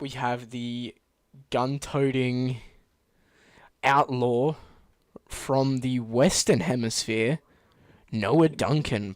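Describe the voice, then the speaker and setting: A woman's voice: very deep voice, darkish tone. An Australian woman running a tabletop game as game master, swearing casually and laughing often.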